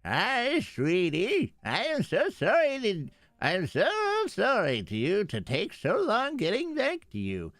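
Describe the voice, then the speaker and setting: A man voicing a sweet old grandmother who guilt-trips gently and apologizes in a falsely syrupy way. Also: high-pitched, huge pitch swings, unhurried, hardly any pauses, no room sound, voice pushed up, exaggerated voice. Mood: sugary.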